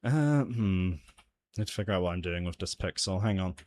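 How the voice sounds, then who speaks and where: A man's voice: sits low, animated, normal speed, darkish tone. A man chatting casually while working on his game live, often laughing and muttering to himself. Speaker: game developer streaming his jam entry.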